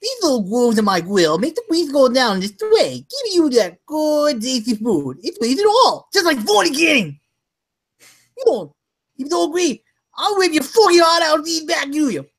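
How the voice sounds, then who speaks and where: A furious boxer barks a crude infomercial for a grill, as a man puts him on. The voice sits high and strained. It keeps swinging up into shouts and menace. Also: sing-song, moderate pace, full character voice. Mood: raging. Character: raging boxer pitching a grill, adult man.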